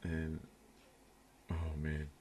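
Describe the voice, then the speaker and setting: A man's voice: a bass voice, monotone, drawn-out words, dark tone, slight background noise. A young man telling a crude story to his camera at home, rambling and laughing often as he talks. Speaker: vlogger. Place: room at home, indoors.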